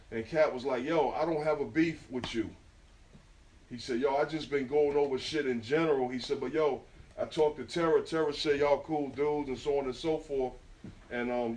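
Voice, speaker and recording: A man's voice: medium pitch, slight background noise. New York man telling street stories. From New York, USA. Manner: street slang, animated storytelling with quoted dialogue. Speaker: guest speaker at an artist talk. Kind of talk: storytelling talk to an audience. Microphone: phone recording from the audience. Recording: distant phone recording.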